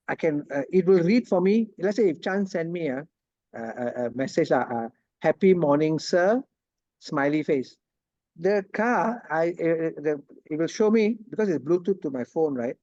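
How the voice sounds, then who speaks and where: A chatty man teaches an online class in a casual way. His voice sits a little high but sounds mellow. The sound is dull and lo-fi, like a video call. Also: lively intonation, a little slow, no room sound. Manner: chatty, laughs often, asks "right?". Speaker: lecturer.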